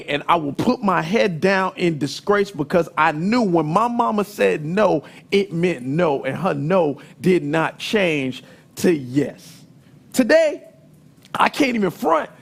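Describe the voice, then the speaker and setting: High-voiced preacher telling stories. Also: male voice, creaky. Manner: lively storytelling, emphatic, sometimes shouting. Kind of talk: sermon with personal stories.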